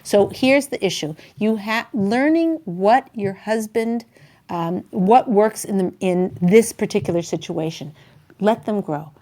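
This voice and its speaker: A woman hosting a talk show, dishing out marriage advice with chatty, lively energy. She tells stories and jumps into loud voices for the people she quotes. Her pitch sits in an ordinary middle range for a woman. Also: unhurried. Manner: chatty, animated storyteller who acts out quotes loudly. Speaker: talk show host and relationship coach.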